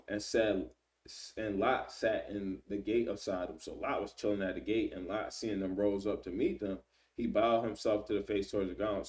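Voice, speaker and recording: A man reading scripture aloud and explaining it in relaxed everyday slang, often checking in with "right?". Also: on the low side, far from the mic. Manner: reads scripture then paraphrases in slang, frequent "right?". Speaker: Bible teacher. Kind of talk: casual Bible study reading and commentary.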